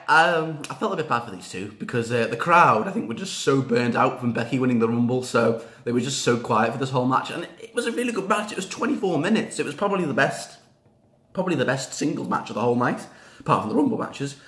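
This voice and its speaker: A man chatting casually in a fan reaction video, rambling with fillers and repeated words and breaking into excited cheers. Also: medium pitch, quick pace, roomy sound. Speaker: wrestling reaction vlogger.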